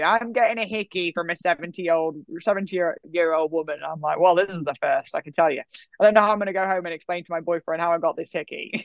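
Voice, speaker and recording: A woman's voice: on the low side, no echo. Woman rambling through a wild story, lots of likes and ums, kinda muffled dry audio. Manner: animated, lots of "like" and fillers. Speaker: guest telling a personal story. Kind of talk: casual storytelling. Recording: dull, dry sound.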